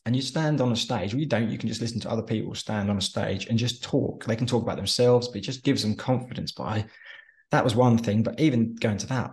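Fast-talking man on the phone. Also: on the low side, a little mellow. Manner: chatty storyteller, drops into quick impressions of others. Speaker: interview guest, former soldier turned entrepreneur. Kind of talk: casual interview chat. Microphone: phone call.

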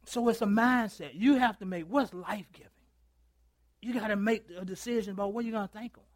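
A male pastor preaching a sermon, telling a story and acting out both sides of a phone call, calling for responses from his congregation and swinging from loud to hushed. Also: sits high, fairly quick, no room sound. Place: church.

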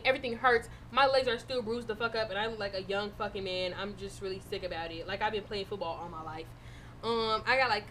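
A young woman co-hosting a podcast, telling a story in a casual way, animated and swearing freely. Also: a little high, slight background noise. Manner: animated, swearing, loud in retold moments. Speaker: podcast co-host.

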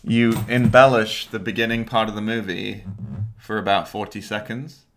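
Gravelly low-voiced man hosting a movie chat. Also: little pitch movement, normal speed, slight background noise. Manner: teasing, keeps time. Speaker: podcast co-host. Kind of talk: casual movie review chat.

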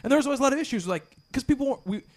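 A man's voice: very high voice, animated, rapid-fire, a little mellow. A man hosting a podcast in casual chat, rambling with many restarts and fillers. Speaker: podcast host.

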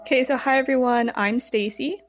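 Blunt, animated woman podcast co-host. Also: high voice, fairly quick, over loud music. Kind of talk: casual podcast chat.

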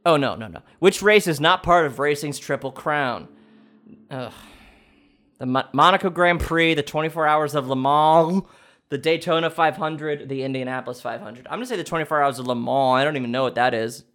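A young man hosting a comedic quiz challenge, thinking out loud and swinging between excited shouts and low mutters. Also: brisk. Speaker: quiz contestant and host.

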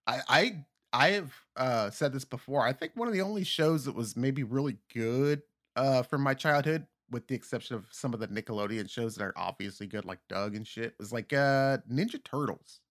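Mid-pitched guy musing with lots of filler. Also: a bit bright. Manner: halting, filler-heavy, profane. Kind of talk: casual comedic chat.

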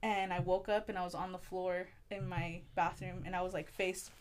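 A young woman telling a personal story in casual chat, animated, swearing a lot and acting out the voices she quotes. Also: lowish voice, normal speed. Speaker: guest storyteller.

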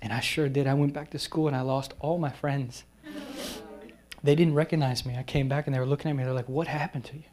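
A man preaching as a guest speaker at a retreat, telling a personal testimony and slowing down for soft, emphatic phrases. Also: mid-range voice, steady tone. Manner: acts out quoted people in whispers and raised voices. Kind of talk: sermon storytelling at a retreat.

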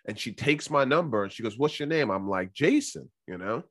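Man, storyteller, casual chat, lively, many fillers, dry sound. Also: mid-range voice, brisk, no echo.

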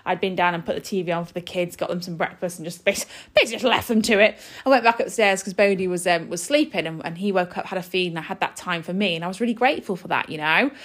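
A woman's voice: on the low side, fast talker, hardly any pauses, fairly bright tone. A woman, hosting a podcast and talking casually and earnestly, with many "you know" and "like" fillers. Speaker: podcast host.

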